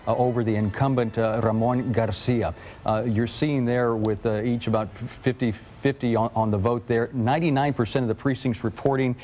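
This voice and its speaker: Male TV reporter with halting delivery. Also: mid-range voice, darkish tone. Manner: halting, frequent fillers. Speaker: news reporter. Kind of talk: TV news report.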